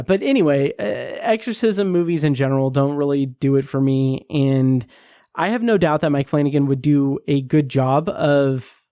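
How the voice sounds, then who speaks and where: Male podcast host, loose rambling film chat, higher pitch, dry close sound. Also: mellow, smooth, no room sound. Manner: rambling, laughs often, many fillers. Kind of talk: casual film review chat.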